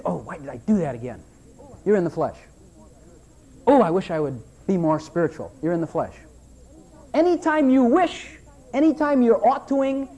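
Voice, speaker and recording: Lively, high-pitched preaching man. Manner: animated, repetitive preaching with mock-voiced asides. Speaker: pastor. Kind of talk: sermon. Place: church.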